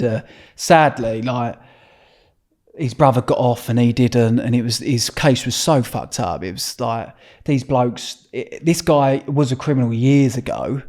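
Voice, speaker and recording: A man's voice: mid-range voice, gravelly, a little mellow. A man with an Essex accent, a guest in a podcast interview, telling stories in a blunt, rambling way, swearing freely and restarting his sentences. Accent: Essex English. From Essex, England. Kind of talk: casual interview storytelling.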